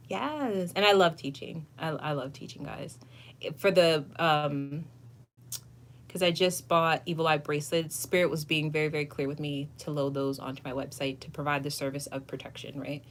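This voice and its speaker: A woman hosting a casual tarot livestream, answering viewers in an effusive, gushing way, laughing often and swearing now and then. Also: deep voice. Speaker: tarot reader and channel host.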